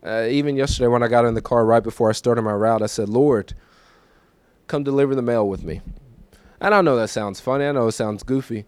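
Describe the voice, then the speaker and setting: A man in his thirties preaching a personal testimony in a conversational, emotional way, moving from quiet recollection to raised, emphatic lines. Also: mid-range voice, fast talker, hardly any pauses, clean tone, no echo. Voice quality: conversational, emotional, repeats himself. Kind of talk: testimony sermon.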